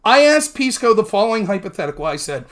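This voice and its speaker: A man's voice: high-pitched, very animated, fast talker, a bit bright. Guy ranting about a debate on his show, voice swinging all over, argumentative and kinda profane. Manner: argumentative, mimics opponents mid-sentence; profane and emphatic. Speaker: political talk show host. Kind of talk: heated debate recap monologue.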